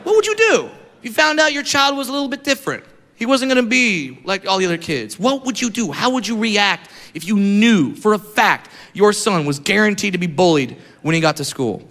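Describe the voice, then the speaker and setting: A Californian man performs a crude, punchy stand-up set before a loud live audience in a hall, his voice high-pitched, a little fast and lively in intonation. His delivery is brash, and he mocks others in put-on voices.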